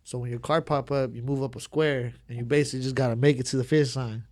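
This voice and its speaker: Man, podcast guest, slangy, profane, laughs through stories, mid pitch. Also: fairly even intonation, fast, darkish tone. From Southern California. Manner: acts out other people's lines in character. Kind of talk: casual storytelling.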